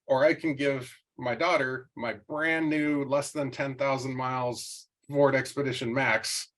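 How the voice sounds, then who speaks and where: A man's voice: medium pitch, steady tone, a little slow, fairly bright tone, poor audio. A man in his forties hosting a podcast, telling a lighthearted family story in a chatty, joking way. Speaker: podcast host. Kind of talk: casual interview chat and anecdote.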